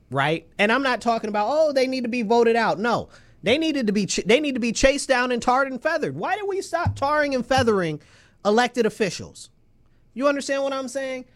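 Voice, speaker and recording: High-voiced man ranting. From New York State. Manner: emphatic, repetitive, rhetorical questions. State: agitated. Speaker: local political commentator. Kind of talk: angry political rant.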